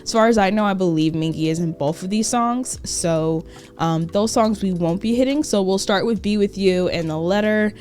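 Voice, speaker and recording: A woman's voice: mid-range voice, moderate pace, darkish tone. A young woman, a student, chatting casually and emotively to camera as a reaction YouTuber, rambling with fillers and laughs.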